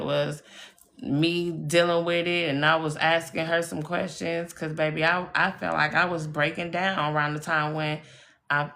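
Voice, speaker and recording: Bright-toned woman on a live stream, kinda low-pitched, chatty, swears a lot, keeps saying y'all. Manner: chatty and emphatic, swears freely, addresses viewers as y'all and baby. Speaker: live-stream spiritual reader. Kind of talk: casual live-stream storytelling.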